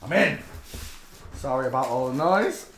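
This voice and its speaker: A man chatting excitedly as he unboxes a parcel, cooing softly to his dog in between. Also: mid-range voice, normal speed, roomy sound, slight background noise. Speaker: channel host. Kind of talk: casual unboxing chat.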